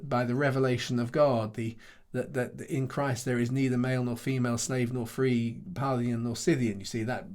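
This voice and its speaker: A middle-aged man speaks as a pastor taking questions after a talk. He thinks aloud, stumbles over repeated words and chuckles now and then. His voice sits at an ordinary middle pitch. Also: darkish tone. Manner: thoughtful, halting, many restarts and repeated words, chuckles often. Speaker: pastor and Bible teacher. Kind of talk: conversational Q&A answer after a teaching session.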